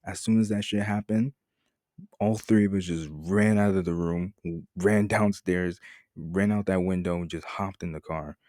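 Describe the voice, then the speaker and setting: A man's voice: low voice, steady tone, normal speed, a little mellow, no echo, clean studio sound. A young man telling a story-time vlog in a casual, profane, rambling way with many restarts. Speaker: vlogger.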